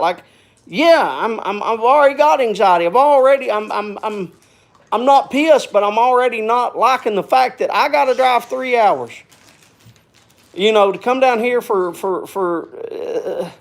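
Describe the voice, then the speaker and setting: A man's voice: high-pitched, normal speed. A man hosting a live stream in casual chat, rambling, folksy and repetitive, sometimes working himself up. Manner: gets worked up then calms.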